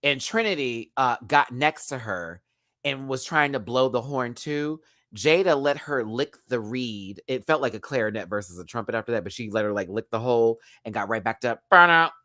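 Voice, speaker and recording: A man hosting a live review of a reality show, talking in an animated, slangy way. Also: mid-range voice, normal speed, dry recording, clean studio sound. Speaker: show host.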